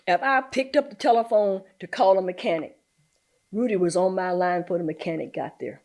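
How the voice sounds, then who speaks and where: A woman's voice: mid-range voice, fairly quick. An older woman from the American South, a community activist telling workplace stories in an interview, laughing often as she goes. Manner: animated storyteller, laughs often. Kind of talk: storytelling interview.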